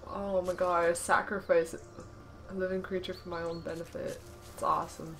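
A woman's voice: on the low side, level tone, moderate pace, a bit bright. A woman giving casual let's-play commentary, sarcastic, talking back to the game, laughing and yelping often. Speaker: gameplay commentator.

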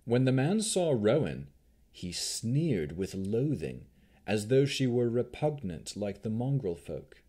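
A man narrating a fantasy novel as an audiobook, expressive and unhurried. His voice is mellow and dark in tone. He moves through the story slowly, with lively, animated intonation. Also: medium pitch, slightly rough. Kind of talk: scripted narration.

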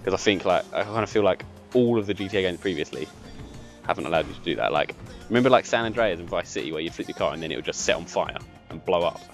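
A young man hosting casual gameplay commentary. His voice sits fairly low but swings widely in pitch as he gets excited, laughs, and barks directions at his friend. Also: fast talker, faint music behind. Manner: excitable, bossy when giving directions, laughs often. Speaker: gaming channel host.

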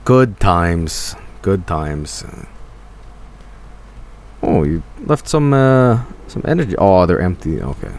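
A man streaming a video game, chatting casually to viewers in a joking, excitable way and swearing freely. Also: low voice, takes it slowly, long pauses. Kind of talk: casual gameplay commentary.

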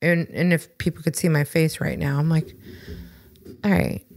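A woman co-hosting a podcast, telling a story in a casual, animated, wry way and acting out both sides of conversations. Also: low voice, brisk, a little hiss or hum. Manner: exasperated, wry. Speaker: podcast co-host.

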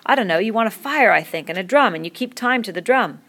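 A woman's voice: mid-range voice, expressive, quick pace, a bit bright, pitched above the performer's own voice. A woman voicing a British schoolboy who is eager but timid. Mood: hesitant. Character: excitable, hesitant schoolboy.

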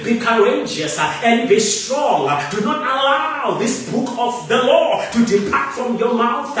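High, lively-voiced preaching man, echoey. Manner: rhythmic, repetitive preaching with frequent hallelujahs. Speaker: bishop preaching. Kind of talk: sermon. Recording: echoey room from a distant mic, faint noise.

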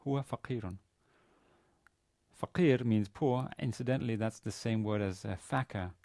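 A man giving a university grammar lecture, pausing often with fillers and restarting his sentences. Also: lowish voice, dark tone, no echo, studio quality. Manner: hesitant, many fillers and restarts. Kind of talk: classroom lecture. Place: university classroom.

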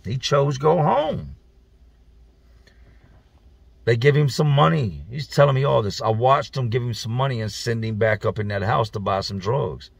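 A man casually telling a profane, slangy street story as a vlogger, animated as he retells it. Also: mid-range voice, moderate pace, gravelly, hardly any pauses, breathy edge, no room sound.

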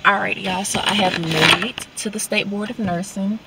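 A woman's voice: mid-range voice, steady tone, normal speed, far from the mic, heavy background noise. A woman, chatting informally to the camera from a parked car. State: frustrated and irritated. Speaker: vlogger. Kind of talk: casual vlog chat.

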